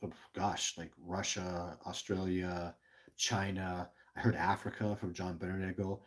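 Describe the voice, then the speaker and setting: A middle-aged man with a low, husky voice chats casually on a livestream. He rambles with earnest passion, stammers and restarts his sentences, and reads viewer questions aloud. He sounds short on sleep. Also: flat delivery, measured pace. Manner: passionate and emotional. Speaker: livestream host.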